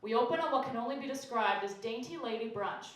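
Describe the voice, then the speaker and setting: A woman's voice: fairly high pitch, lively intonation, fast talker, very noisy. A woman comedian performing a sarcastic stand-up set, acting out characters in exaggerated voices, with audience laughter behind her. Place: comedy club stage with live audience. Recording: echoey club room from far off.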